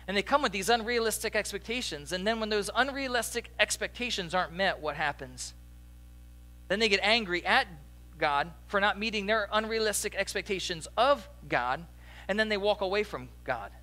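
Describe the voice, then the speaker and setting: A young adult male pastor delivers a sermon in a loose, conversational way, telling stories and tossing questions to the congregation. His voice sits high for a man and sounds bright and forward. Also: moderate pace. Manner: conversational, animated storytelling with audience asides.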